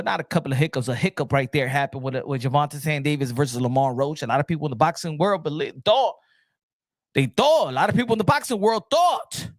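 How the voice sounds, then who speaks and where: A man hosting a solo boxing talk show, loud and playful, repeating his lines in mock outrage and tossing in Spanish phrases. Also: a little high, dry recording, clean studio sound.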